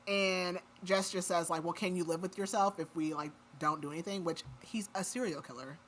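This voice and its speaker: This is a casual podcast recap of a book's plot by a woman who says "like" a lot in her chatty retelling. She speaks fairly quickly in a lowish voice, with slight background noise.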